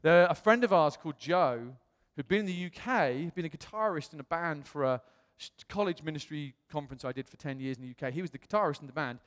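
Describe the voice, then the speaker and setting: A man preaching, telling a personal story with animated delivery and self-mocking humor, acting out what others said. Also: on the high side, fast, few pauses. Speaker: pastor. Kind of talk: personal testimony sermon. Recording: long reverb in a hall.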